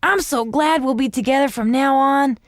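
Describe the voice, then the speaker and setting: A woman doing a gentle, shivering toy dog. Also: high-pitched, normal speed, no room sound, voice pushed up. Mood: relieved. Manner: soft and stuttering. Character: gentle, cold, worn-out male stuffed dog.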